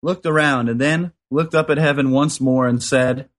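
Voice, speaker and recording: A man's voice: mid-range voice, steady tone, moderate pace. A man co-hosting a casual radio chat show, easygoing and a bit hesitant, reading listener mail. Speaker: radio co-host.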